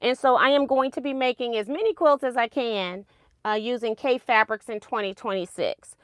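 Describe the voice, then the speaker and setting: Bright-voiced chatty woman quilting host. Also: on the high side, normal speed, clear, resonant tone, dry recording, studio quality. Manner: chatty, rambling, laughs at her own mistakes. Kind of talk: casual livestream tutorial.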